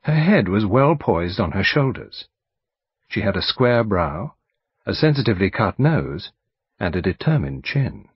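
A man with a British accent, reading a mystery audiobook aloud in a measured, expressive manner. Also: on the low side, husky, no room sound. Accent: British English. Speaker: audiobook narrator. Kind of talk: scripted narration. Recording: dull dry studio recording.

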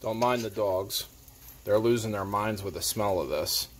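A fishing charter captain, a man, casually explaining as he cooks in his home kitchen, plain-spoken and relaxed as he works. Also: on the low side, normal speed, heavy background noise. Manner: plain-spoken, relaxed, talks while working. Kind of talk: casual how-to cooking vlog.

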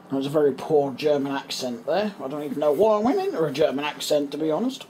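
An English man with a slightly high voice, chatting away to himself as he sorts through his bedroom. He rambles loosely and drops sentences halfway. There is a faint hum of room ambience behind him. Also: lively intonation, fast, hardly any pauses, warm tone. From England. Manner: rambling, muttering to himself, trailing off mid-thought. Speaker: vlogger. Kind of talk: casual running commentary while tidying.

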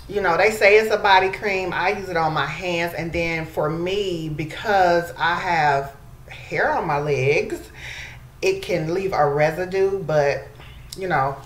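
A woman chatting casually to her viewers in a beauty vlog, calling them y'all. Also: on the low side. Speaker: beauty vlogger. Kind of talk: casual chat to camera. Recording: echoey room, faint background noise.

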